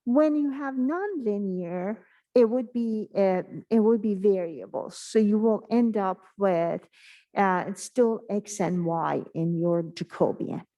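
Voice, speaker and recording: A math instructor, a woman, reviews for an exam in an online class, speaking haltingly and thinking aloud with many pauses and fillers. Her voice is mid-range with a dark tone, and the recording is low in quality.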